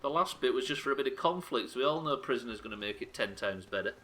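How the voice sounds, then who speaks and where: A man's voice: medium pitch, animated, fast, bright, forceful tone. A man streaming a game live, chatting casually and joking with his chat, with frequent swearing. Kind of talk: casual commentary while playing.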